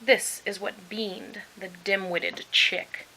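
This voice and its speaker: A woman voicing a scheming male fox con artist with a sneering, smooth-talking manner. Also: mid-range voice, animated, normal speed, pushed and bright, a little hiss or hum, rough recording.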